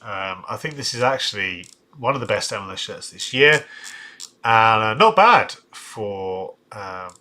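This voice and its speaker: A man's voice: on the low side, sing-song, a little slow, sharp tone. A man hosting a live stream, reviewing football shirts and reading out viewer comments, thinking aloud with many fillers and restarts. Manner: reads out viewer chat comments.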